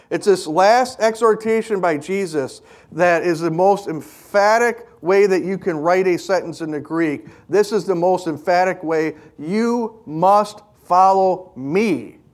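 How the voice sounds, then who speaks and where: A male pastor with a notably high speaking voice, preaching a sermon. He tells stories earnestly and with emphasis, driving each point home to the congregation.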